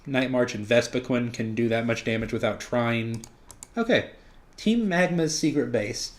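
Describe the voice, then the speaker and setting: A man casually commenting on his own card game match, thinking out loud as he plays. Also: medium pitch, unhurried. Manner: chatty, thinks out loud with frequent "uh" and "okay".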